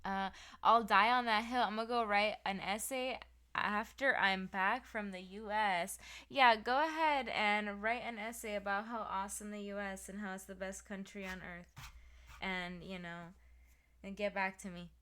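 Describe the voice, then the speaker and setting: A woman's voice: medium pitch, fairly even intonation, normal speed, sharp tone, clean tone. Sleepy giggly young woman streamer. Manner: giggly, playful, slangy. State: sleepy, yawning. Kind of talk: casual chat reading live chat.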